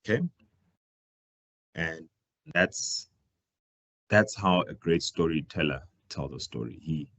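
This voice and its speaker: A man gives a career talk on public speaking, projecting loudly and swinging his voice up and down to demonstrate. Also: lively intonation, slow pace, pauses often, dull audio. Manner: projecting louder than usual, swinging his pitch and volume up and down to demonstrate. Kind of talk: live workshop presentation.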